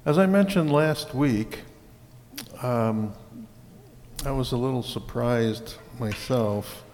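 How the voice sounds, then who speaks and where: A man preaching a sermon as pastor, slow and deliberate, swelling louder on key words. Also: mid-range voice, long reverb tail, a little hiss or hum.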